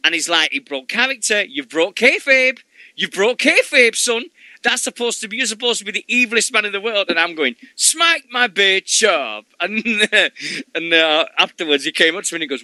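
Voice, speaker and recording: Bright, sweary man chatting. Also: mid-range voice, dry recording. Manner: swears freely, rambling and jokey. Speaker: wrestling radio host. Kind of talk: casual chat.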